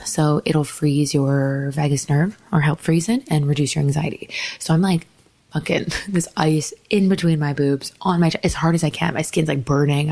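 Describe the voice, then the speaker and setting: Low-voiced woman telling a raw story. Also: vocal fry, a little mellow. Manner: emphatic and profane, with quoted dialogue. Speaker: podcast host. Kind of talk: candid personal storytelling.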